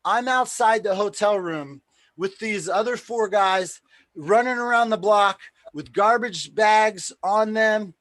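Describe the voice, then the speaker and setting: A man's voice: high voice, slow, no room sound. A man hosting a live stream, casually telling a promoting story with plenty of swearing, acting out the voices of the people he quotes. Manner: excitable, swears freely, acts out quoted dialogue.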